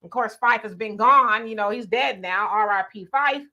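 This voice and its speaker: A woman with a bright, forward voice, pitched a little high, hosting a live discussion. She talks loosely and conversationally, drops in fillers and quotes people in quick asides. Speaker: host. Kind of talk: casual political commentary.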